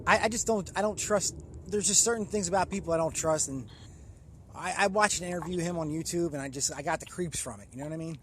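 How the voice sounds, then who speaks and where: A man hosting a casual podcast, swearing freely and quick to agree with his guest. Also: fairly high pitch. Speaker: podcast host. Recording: noticeable background noise.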